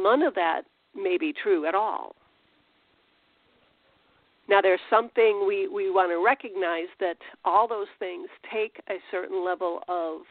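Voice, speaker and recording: A mid-range voice belongs to a Christian teacher giving a conversational, informal spiritual talk full of restarts and rhetorical questions. The sound is dry and tinny, as if over a phone.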